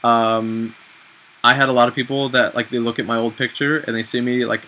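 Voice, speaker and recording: Young male vlogger, 20s, bright and chatty, self-deprecating humor, faint background hiss. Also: mid-range voice, a little fast, rough recording. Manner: chatty, animated, self-mocking. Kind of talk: casual advice chat.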